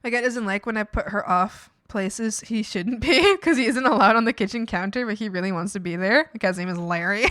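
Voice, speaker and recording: A woman streaming live, talking to her chat in a loose, rambling way full of fillers and laughter. Her voice is bright and sits a little high. She jumps between thoughts and often breaks into quick laughs. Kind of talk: casual chat with viewers.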